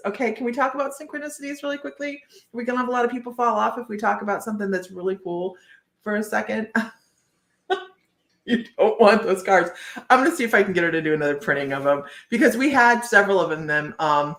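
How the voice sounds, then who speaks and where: A woman's voice: medium pitch, quick pace, a bit bright. Chatty woman reading cards, roomy echo. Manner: chatty, rambling, with many restarts. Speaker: psychic reader and show host. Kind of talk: live-streamed card readings.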